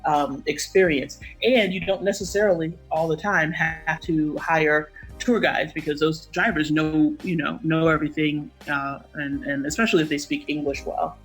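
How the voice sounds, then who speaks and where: A woman's voice: sits low, fairly even intonation, normal speed, few pauses, slightly rough, faint music behind, low-quality recording. A woman co-hosting a podcast in casual chat, teasing her co-host and giving listeners travel advice.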